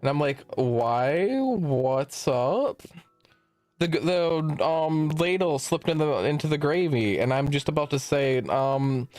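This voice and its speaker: A man's voice: fairly high pitch, normal speed, hardly any pauses, faint music behind. A young man streamer casually telling a long work story, swearing freely and acting out the dialogue in it. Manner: animated, swearing, acts out quoted dialogue.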